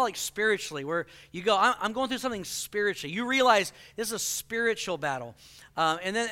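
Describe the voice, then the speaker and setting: A male pastor preaching a sermon, animated and joking, acting out the people he quotes. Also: sits high, clean tone.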